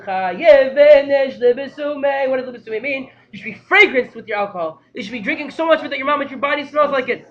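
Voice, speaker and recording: High-voiced, excitable man teaching Torah. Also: fast, few pauses, highs cut off. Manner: excitable, breaks into shouting, mixes Hebrew and Yiddish terms. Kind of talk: storytelling Torah lesson.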